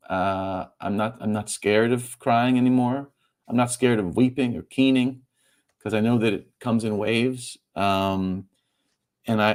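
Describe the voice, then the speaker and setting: A man, the guest author in an interview, talking in a halting way, repeating words and laughing softly as he speaks. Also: on the low side. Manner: halting, repeats words, stumbles through fillers; laughs softly mid-sentence while talking. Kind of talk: emotional conversational interview.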